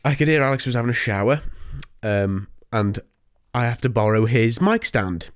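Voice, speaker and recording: A man's voice: mid-range voice, animated, moderate pace, clean tone, no echo, clean studio sound. A young man co-hosting a podcast, telling stories in a rambling way and laughing often. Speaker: podcast co-host. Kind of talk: casual chat.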